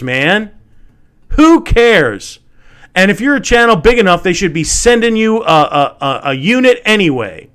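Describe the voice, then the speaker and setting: Swearing man in a heated rant. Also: smooth. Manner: heated, swearing, repeats himself; swings from loud outbursts to low mutters. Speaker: channel host. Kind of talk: angry rant to camera.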